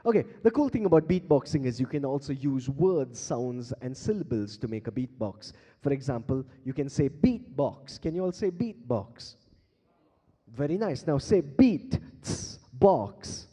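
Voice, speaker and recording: Holding a handheld stage mic in a large conference hall, a man with an Indian English accent hosts and beatboxes, coaxing listeners to join him. His voice sits at medium pitch, expressive and slightly rough, warm in tone, at a normal pace. Long hall reverb hangs over the recording.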